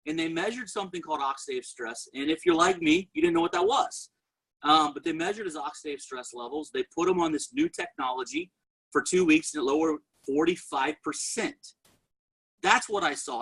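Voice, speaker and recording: Energetic male sales presenter, high husky voice, tells his story straight to the crowd. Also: rough recording. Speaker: network marketing presenter. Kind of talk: motivational sales testimony.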